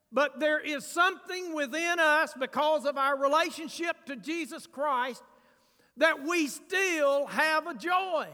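A man preaching a sermon as pastor, building to emphatic swells and dropping to quiet asides. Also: very high-pitched, in a large hall.

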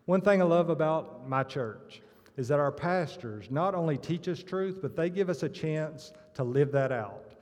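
A man's voice: on the high side, expressive, moderate pace, darkish tone. A man giving a sermon-style church talk, telling stories with acted punchlines. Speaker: church member giving testimony. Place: church sanctuary. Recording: long reverb of a church hall.

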